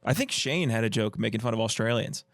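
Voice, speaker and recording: A man's voice: fairly low pitch, animated, fast, no room sound. A young man co-hosting a podcast, chatting in crude, joking banter and laughing often. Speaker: podcast co-host. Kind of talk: casual comedic banter.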